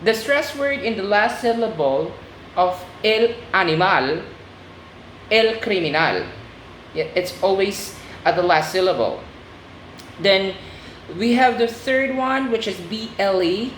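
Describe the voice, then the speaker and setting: A woman teaching a Spanish lesson, slow and deliberate, repeating words for her students. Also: medium pitch, lively intonation, slight background noise. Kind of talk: oral recitation lesson. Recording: echoey room with faint ambience.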